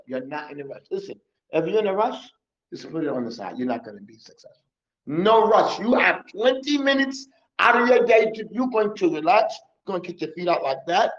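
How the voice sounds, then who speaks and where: Fairly quick and high-pitched with big swings in pitch, a male Quran teacher coaches a mosque class on memorizing scripture. He repeats himself often and mixes in Arabic words and recitation. The audio is muffled and lo-fi.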